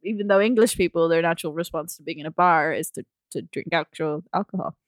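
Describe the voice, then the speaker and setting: A woman co-hosting a podcast, making sarcastic, animated remarks about a film. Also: fairly low pitch, quick pace, no echo. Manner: sarcastic, animated, laughs often. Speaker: podcast co-host. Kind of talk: casual movie review chat.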